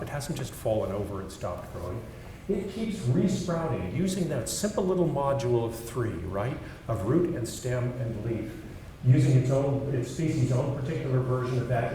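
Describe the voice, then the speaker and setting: A man's voice: medium pitch, a little mellow, slight background noise. A man, an author giving a public talk and reading from his book, speaking thoughtfully with some fillers. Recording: echoey hall, mic far off.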